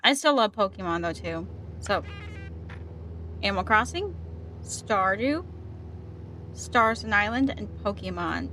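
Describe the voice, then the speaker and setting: A woman's voice: mid-range voice, expressive, unhurried, long pauses, sharp tone, slight background noise. A woman gaming streamer chatting casually with her livestream, reading chat aloud and often repeating herself.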